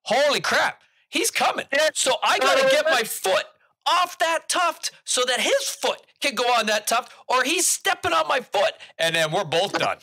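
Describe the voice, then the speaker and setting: Man, high and lively voice, bright tone, casual podcast storytelling, laughing. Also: unhurried. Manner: animated, laughing as he tells it. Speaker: guest, son telling a hunting story.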